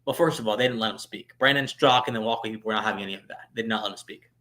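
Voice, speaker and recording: A man's voice: lowish voice, rapid-fire. Chatty man telling a story. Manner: animated, swings from hushed asides to loud bursts; chatty, many fillers and restarts. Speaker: streamer and show host. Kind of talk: casual storytelling on a live stream.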